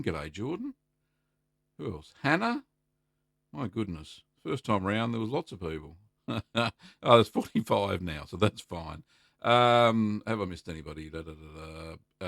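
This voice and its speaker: A middle-aged Australian man hosting a casual live stream, chatty and relaxed, greeting viewers by name and filling pauses with ums. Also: medium pitch, gravelly, dry recording, studio quality. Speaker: livestream host answering cheesemaking questions.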